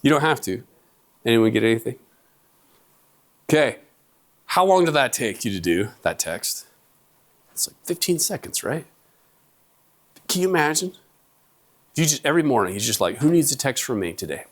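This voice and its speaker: A middle-aged man giving a humorous lecture, telling family stories with lively acted-out quotes to an audience in a lecture hall. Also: mid-range voice, normal speed, long pauses. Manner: animated storyteller, acts out family quotes.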